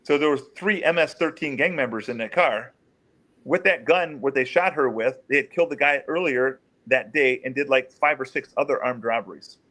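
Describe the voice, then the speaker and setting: A middle-aged man, a former police officer, telling case stories in an interview and acting out the quoted voices. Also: moderate pace. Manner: animated, acts out quotes in raised pitch. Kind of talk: storytelling in an interview.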